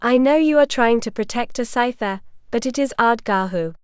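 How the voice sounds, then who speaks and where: A woman's voice: on the high side, normal speed, a little mellow, clean tone, no echo, clean studio sound, lightly acted. A woman voicing a loyal male knight who speaks earnestly and urgently, in a storybook reading.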